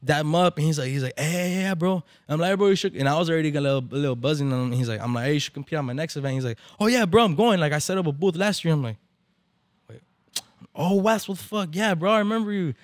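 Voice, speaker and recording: A man's voice: on the high side, rapid-fire, few pauses, no echo, studio quality. A man, a barber event organizer, telling a story in casual, profane slang and slipping into Spanish now and then. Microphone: podcast microphone.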